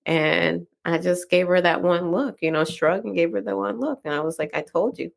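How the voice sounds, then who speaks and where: Woman, Dominican accent, podcast host; lowish, gravelly, chatty storyteller. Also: fairly even intonation, normal speed. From Dominican Republic. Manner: chatty, frequent "like" and "right?" tags. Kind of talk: casual personal storytelling.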